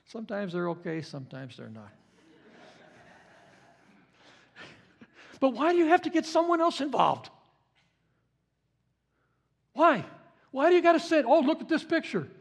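A man preaching a sermon as pastor in a conversational way. He repeats key phrases for emphasis and swings between loud emphatic bursts and soft low asides. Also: wildly swooping pitch, slow pace, vocal fry, pauses often.

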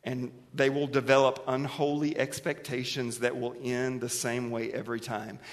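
A man preaching a sermon to his congregation, moving between quiet, low passages and loud, emphatic ones, asking them questions and having them repeat words back to him. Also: normal speed. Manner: animated preaching that swings from hushed to emphatic. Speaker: pastor. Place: church sanctuary. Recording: long hall reverb.

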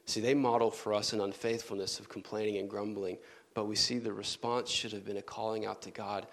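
A man's voice: flat delivery, fairly quick, a little hiss or hum. Earnest man preaching a sermon. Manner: earnest, drops to soft low tones for emphasis.

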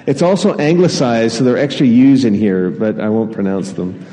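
A man delivers a sermon with mellow, relaxed warmth, spinning anecdotes and chuckling at himself. His voice carries a long reverb from a large church hall. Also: medium pitch, moderate pace. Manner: storytelling, self-deprecating, chuckles often. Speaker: preacher.

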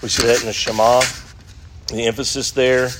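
A man's voice: mid-range voice, little pitch movement, normal speed, fairly bright tone. A middle-aged man teaching an adult Sunday school class, reading scripture passages aloud and asking his listeners rhetorical questions. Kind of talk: Bible class lecture.

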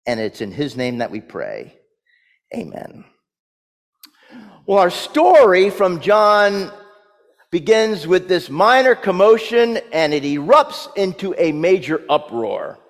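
A man's voice: high-pitched, sing-song, slow pace, long reverb tail. A man preaching a sermon, telling the story vividly and dramatically with touches of humor.

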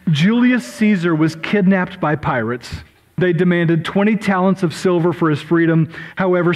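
A man's voice: sits high, a little mellow, poor audio. A middle-aged male pastor preaching a sermon, chatty and self-deprecating, apologizing often and breaking into asides.

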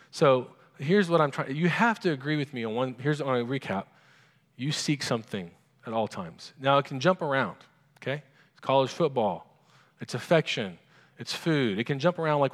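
A man's voice: mid-range voice, animated, normal speed, long reverb tail. A pastor preaching a sermon in a conversational way, asking his congregation questions.

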